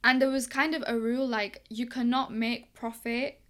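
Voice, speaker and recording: Telling stories in a laid-back interview, a young woman from England who works as a boxing coach speaks at a normal pace with a fairly high pitch. She is lively and talkative and acts out the lines she quotes.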